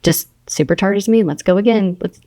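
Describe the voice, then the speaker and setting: A middle-aged woman, a nurse practitioner, chatting on a podcast and telling patient stories with lively quoting. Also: mid-range voice, normal speed. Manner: storytelling, animated quoting of patients. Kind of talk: casual podcast chat.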